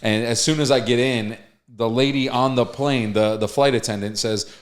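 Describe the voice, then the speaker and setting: A man with a mid-range voice, chatting casually on a podcast. He tells his story in a relaxed, easygoing way and laughs easily along the way. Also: mid-range voice, moderate pace. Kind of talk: casual chat.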